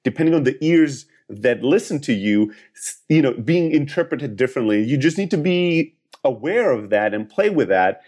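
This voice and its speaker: A man's voice: medium pitch, lively intonation, moderate pace, darkish tone. A man giving sales advice as a podcast guest, explaining things step by step and checking in with little tag questions. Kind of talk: casual advice in a podcast interview.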